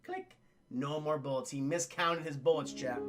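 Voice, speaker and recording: A man's voice: on the high side, normal speed, over loud music. A man streaming a profane, laughing film recap and talking to his chat.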